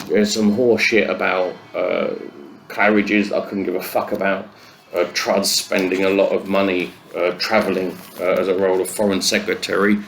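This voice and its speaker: A comedian going through the news in a sweary, sardonic rant full of fillers and restarts. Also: male voice, deep voice, gravelly, a little hiss or hum.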